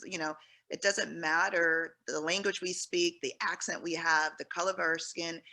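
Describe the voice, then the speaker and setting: A woman's voice: fairly low pitch, steady tone, moderate pace, sharp tone, low-quality recording. A woman speaking on a panel in an earnest, encouraging, emphatic way. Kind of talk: panel discussion.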